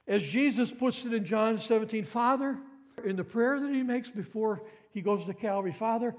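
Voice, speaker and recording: High-voiced impassioned male preacher. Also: normal speed, dull audio. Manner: impassioned, swings from hushed to exclaiming, repeats phrases. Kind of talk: sermon.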